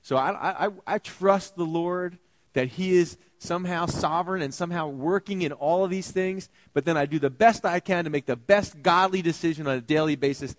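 A male pastor delivering an animated sermon, acting out biblical characters in shifting voices. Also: fairly high pitch, moderate pace, no room sound.

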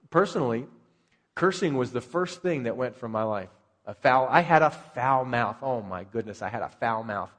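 Rhetorical questions run through this conversational sermon, delivered by a male pastor in a hall full of reverb. His voice is mid-range.

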